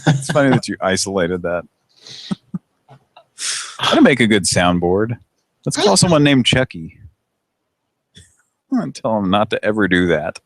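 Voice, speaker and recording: A man's voice: on the low side, big pitch swings, unhurried, long pauses, no room sound. A man hosting a live prank call show, chatting casually, rambling and laughing often.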